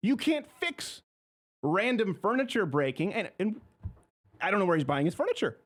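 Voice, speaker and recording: A male talk show host rants through his commentary with a sarcastic, mocking edge. His pitch swings widely, and his voice sits a little on the high side. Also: moderate pace. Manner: sarcastic, mocking, animated delivery. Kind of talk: opinionated commentary.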